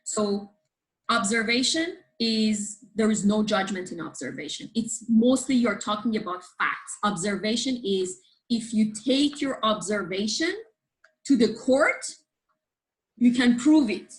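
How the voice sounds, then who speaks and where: A woman's voice: mid-range voice, a little slow, poor audio. A woman teaching a group. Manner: lively, checks in with listeners, asks the audience questions. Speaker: guest teaching a book's ideas. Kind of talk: explanatory teaching to a live group.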